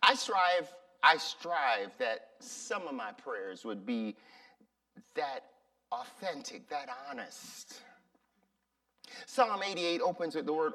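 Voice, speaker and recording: A man preaching a sermon, slow and emphatic, often repeating his words for effect. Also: on the high side, sing-song, pushed and bright, distant mic. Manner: slow, deliberate and emphatic, with repetitions. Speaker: pastor.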